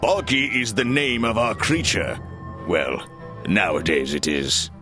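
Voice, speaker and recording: A man's voice: on the low side, unhurried. An actor playing an earnest male detective in a video game who lectures his partner firmly. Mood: knowing. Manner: firm, lecturing. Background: game music.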